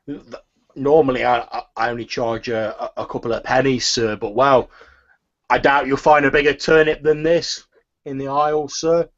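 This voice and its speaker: A man's voice: medium pitch, fairly even intonation, moderate pace, a bit bright, highs cut off, lightly acted. A man voicing a nervous, fawning woman who sells turnips, stammering and calling everyone sir.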